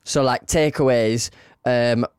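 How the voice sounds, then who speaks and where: A man's voice: medium pitch, steady tone, takes it slowly, smooth, dry recording, clean studio sound. A man co-hosting a podcast, easygoing and rambling in casual chat. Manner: easygoing, rambling, laughs along. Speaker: podcast co-host.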